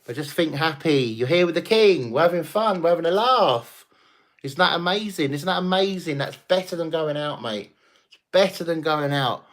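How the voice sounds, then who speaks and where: This man's voice is fairly high and fairly bright, expressive, at a moderate pace. Tipsy after a few drinks, he hosts a casual late-night livestream, rambling, cursing, and laughing as he talks with viewers.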